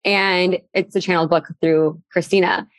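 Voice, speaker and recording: A woman's voice: fairly low pitch, little pitch movement, moderate pace, no room sound. Chatty woman guest, dry sound. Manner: casual, filler-heavy with frequent "like". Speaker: podcast guest. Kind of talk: casual chat.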